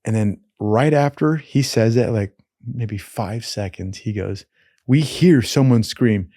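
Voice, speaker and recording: Speaking slowly in a lowish voice, this man spins wild tales in a profane, animated ramble packed with slang, asides and "dude." The recording is dry and of studio quality, suiting his casual storytelling.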